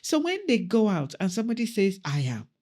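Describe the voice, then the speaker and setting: A councillor and mother appears as a podcast guest, telling personal stories in conversation with earnest reflection and acting out family dialogue. Her voice is on the high side, a little mellow, and animated, and she speaks briskly.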